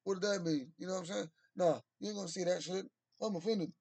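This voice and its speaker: A man's voice: high-pitched, quick pace, gravelly, darkish tone, dry recording. A man talking in a casual, rambling monologue, drawling and swearing freely. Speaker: vlogger.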